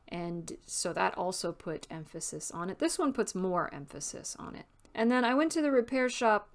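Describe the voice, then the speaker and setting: A woman author giving a casual writing tutorial, explaining step by step and reading example sentences aloud. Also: medium pitch.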